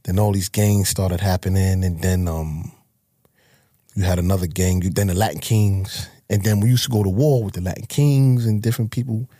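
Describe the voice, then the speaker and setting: A man's voice: sits low, fairly even intonation, normal speed, warm tone, no echo, studio quality. A man, telling his life story as a guest in a blunt, profane, emotional way. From Harlem, New York. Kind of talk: candid life-story interview.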